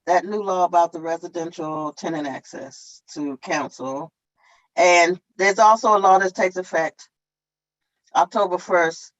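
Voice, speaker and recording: A woman explains renter rights in a plain, step-by-step way, going back over each point. Her voice sits at a middle pitch. The sound is dull and lo-fi, like an online meeting. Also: a bit bright. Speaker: tenant advocate. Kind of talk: explaining tenant law at a town hall.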